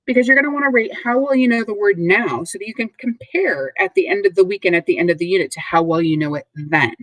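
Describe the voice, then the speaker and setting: A woman teaching a recorded vocabulary lesson to third graders, speaking slowly and clearly, with call-and-response prompts. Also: medium pitch, no echo, poor audio.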